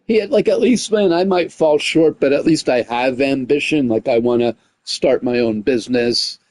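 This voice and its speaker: A man with a mid-range voice and moderate pace chats casually on a gaming livestream. He rambles, says "like" and "you know what I mean" a lot, and gets heated and loud as he tells a story about a conflict.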